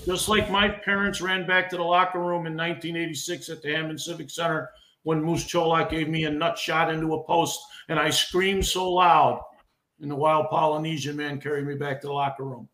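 Brief: emotional middle-aged veteran wrestler, a touch high, impassioned with stumbling restarts, echoey room. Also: male voice, fairly even intonation, a little fast, sharp tone. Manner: impassioned, repeats and restarts words. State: emotional, getting heated. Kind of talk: podcast interview.

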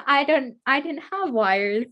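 A woman guest-hosts an interview over a video call, chatting casually, giggling often, and rambling through her stories. Her voice sits high and sounds sharp, with lively intonation, and she takes her time speaking.

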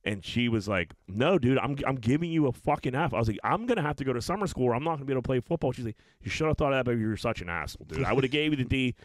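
A man's voice: medium pitch, animated, rapid-fire, hardly any pauses, no room sound. A young man on a podcast telling a rambling, profane story and acting out the people in it. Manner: profane, rambling, acts out quotes. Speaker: podcast co-host. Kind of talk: casual storytelling chat.

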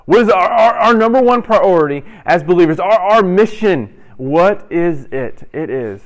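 A young man in his role as a youth pastor, giving an interactive sermon and playfully quizzing his audience with quick asides. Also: sits high, lively intonation. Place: church hall with audience.

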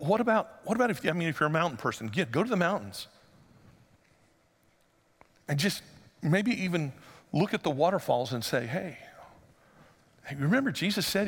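A man preaching a sermon as pastor, conversational and joking, then rising to loud emphatic passages. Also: high voice, in a large hall.

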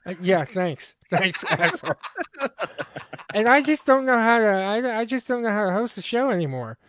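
Halting American man hosting a podcast. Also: high voice, big pitch swings, a bit bright, no room sound, clean studio sound. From United States. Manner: halting, restarts a lot, self-deprecating. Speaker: podcast host. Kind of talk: casual comedy podcast banter.

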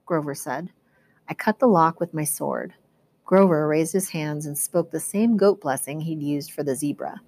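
Low-voiced woman reading a story aloud. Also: dry recording. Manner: steady, expressive storytelling. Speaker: teacher.

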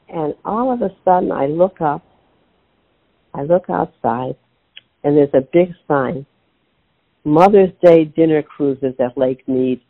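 Older woman guest, gravelly, phone-line sound, animated storyteller. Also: fairly low pitch, a little slow. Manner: animated storyteller acting out her own quotes. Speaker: author and interview guest.

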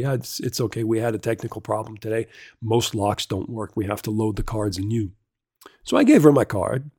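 A man's voice: medium pitch, warm tone, dry recording, clean studio sound. A man hosting a casual solo podcast, rambling through a story with lots of restarts, fillers and swearing. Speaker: podcast host.

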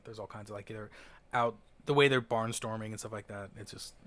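A man's voice: fairly low pitch, fairly even intonation, a little fast, crowd noise. A man co-hosting a podcast, chatting casually and rambling with enthusiasm, swearing now and then. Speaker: podcast co-host. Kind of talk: casual chat.

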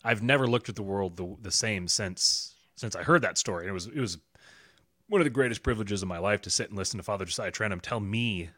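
Low-voiced man telling an earnest story. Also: a bit bright, no room sound. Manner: earnest, halting, many restarts. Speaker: podcast guest. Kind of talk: casual storytelling chat.

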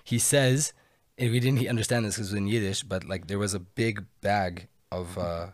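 A young man telling a story in casual chat, animated and quick, with lots of fillers. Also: lowish voice, no room sound, clean studio sound. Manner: animated, talks fast with many fillers.

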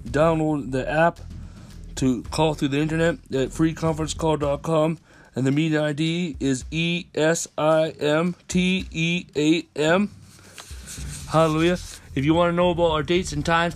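Male preacher, slightly high voice, peppers every phrase with amen and hallelujah, faint hiss behind. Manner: rises to chanting repeated lines. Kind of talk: sermon on a conference call.

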